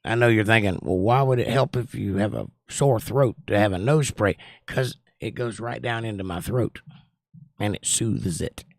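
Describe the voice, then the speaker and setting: A hoarse man from North Carolina hosting a casual livestream chat, joking and rambling with viewers. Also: on the low side, moderate pace, no echo, studio quality. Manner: joking, rambling, does silly voices. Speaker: livestream host.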